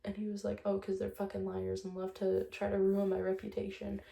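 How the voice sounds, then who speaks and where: A woman's voice: medium pitch, monotone, a little fast, creaky, warm tone, reverberant. A young woman vlogger telling a breakup story in a chatty, casual monologue, swearing often and retelling conversations line by line.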